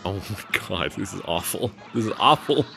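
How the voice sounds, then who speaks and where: This let's play commentator speaks at a moderate pace in a low-pitched, expressive voice with vocal fry, talking over music. His casual gameplay commentary is full of swearing and jokes that poke fun at himself.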